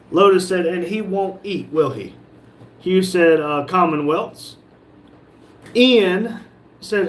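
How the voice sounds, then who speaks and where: This livestream host from North Carolina, USA, reads the chat out loud in a relaxed live session and answers with jokes. He speaks a little high, and there's faint background noise.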